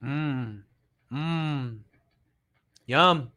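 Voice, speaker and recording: A man's voice: fairly high pitch, drawn-out words, pushed and bright, clear, resonant tone. A man hosting a show, giving sarcastic, mocking commentary on videos he plays and laughing often. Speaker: host. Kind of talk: casual commentary reacting to videos.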